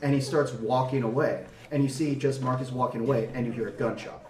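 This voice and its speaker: A man's voice: medium pitch, fairly even intonation, a little fast, a little mellow. A young adult man in casual podcast chat, telling a story earnestly with many fillers. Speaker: podcast panelist. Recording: roomy, from a distance.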